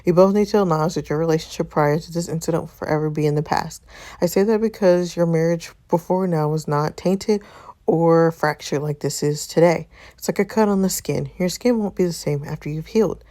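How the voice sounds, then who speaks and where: Woman reading as a calm female counselor. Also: deep voice, natural voice. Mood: measured. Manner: measured, advising. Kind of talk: reading a story game aloud.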